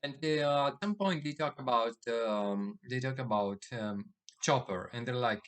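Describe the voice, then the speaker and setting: A man's voice: mid-range voice, moderate pace. A man recapping a comic chapter in casual chat, with many fillers and restarts as he reads the dialogue aloud in a plain voice. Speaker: manga chapter reviewer.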